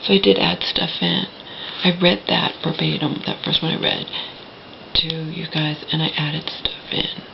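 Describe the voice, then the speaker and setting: Gravelly woman rambling in a lo-fi vlog. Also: sits low, very animated, measured pace, noisy background. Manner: rambling, with many restarts and some whispered asides. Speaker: vlogger. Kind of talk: personal vlog monologue. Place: indoors at a home.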